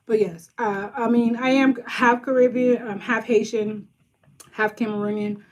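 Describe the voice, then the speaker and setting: A woman's voice: on the high side, fairly even intonation, measured pace. A woman from Boston hosting a casual live stream, chatting and answering viewer comments as they come in. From Boston, USA. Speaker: livestream host, social worker.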